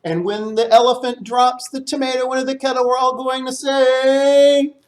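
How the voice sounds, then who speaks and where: A man's voice: extremely high pitch, level tone, moderate pace. A man telling a children's story at a church service, playful and inviting the group to join in. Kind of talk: children's story with audience call-and-response.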